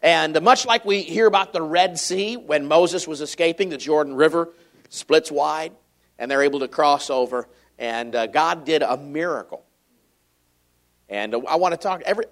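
Middle-aged male preacher from Michigan, slightly high voice, folksy and humorous sermon delivery. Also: gravelly. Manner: folksy and joking, with scripture read aloud in a raised voice. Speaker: visiting preacher.

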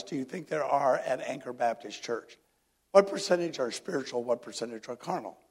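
A middle-aged male pastor preaching a sermon, swinging between loud emphatic lines and hushed ones. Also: mid-range voice, slightly rough.

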